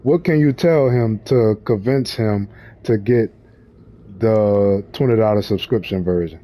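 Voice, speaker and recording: A man's voice: fairly low pitch, measured pace, mellow. A young man chatting casually with an AI assistant, loose and full of street slang. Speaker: vlogger talking to an AI assistant.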